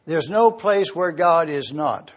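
Male preacher, high husky voice, slow deliberate delivery, lo-fi sermon recording. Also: expressive. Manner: slow, deliberate teaching with emphatic pauses. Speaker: preacher teaching scripture. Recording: dull lo-fi recording.

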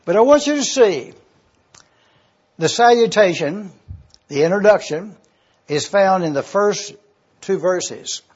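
Male pastor with a high voice, slow deliberate exposition, dull lo-fi sound. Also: a little mellow, breathy edge. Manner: slow and deliberate, repeating key words. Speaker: pastor teaching a Bible study. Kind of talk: sermon-style Bible exposition. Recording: dull lo-fi recording.

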